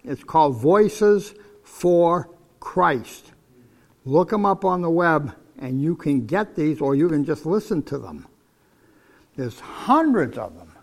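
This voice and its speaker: Older male preacher, gravelly, folksy conversational sermon. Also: fairly high pitch, animated, slow. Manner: folksy, conversational Bible teaching.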